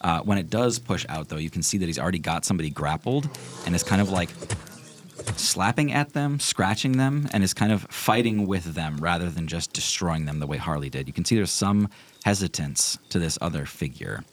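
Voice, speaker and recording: A man running a tabletop role-playing game, describing the scene in a calm, steady narration. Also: sits low, a little fast, a little hiss or hum. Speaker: game master. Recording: music bed behind.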